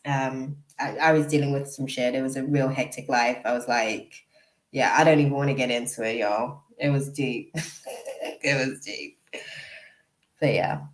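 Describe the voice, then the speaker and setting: A woman's voice: a bass voice, steady tone, normal speed, echoey room. A woman giving a live tarot reading, chatty and emotional, often drifting off to read out names from the chat. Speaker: tarot reader.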